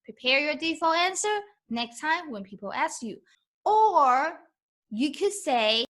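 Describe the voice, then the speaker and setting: A woman with as her gives a beginner lesson in English. Her voice is bright and a little high. She speaks slowly and repeats each phrase carefully for learners. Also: very animated. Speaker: Mandarin teacher. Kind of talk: online language lesson.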